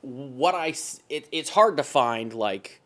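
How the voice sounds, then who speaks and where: A tired man co-hosting a casual podcast. He rambles in halting, restarting phrases, padded with fillers as he works through his notes. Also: mid-range voice, lively intonation, fairly bright tone. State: tired, yawning. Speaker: podcast co-host.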